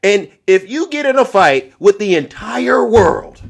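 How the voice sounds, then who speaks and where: A man's voice: high-pitched, big pitch swings, a little slow, creaky. Mocking, preachy male streamer. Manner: mocking, preachy, laughs through lines. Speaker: livestream host. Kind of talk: ranting livestream commentary.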